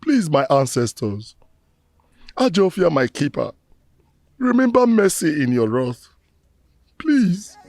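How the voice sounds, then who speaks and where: A man's voice: a little high, very animated, slow, long pauses, a little mellow, exaggerated voice. A Nigerian-accented actor playing a disgraced man who solemnly laments to his ancestors in proverbs, in a Nollywood film drama. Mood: pleading.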